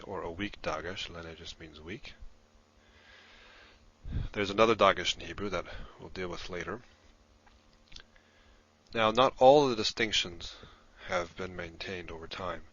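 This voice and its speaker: Deep-voiced man explaining a lesson step by step. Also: a bit bright, muffled recording. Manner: patient, step-by-step explaining, writing as he talks. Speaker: instructor in a played lesson video.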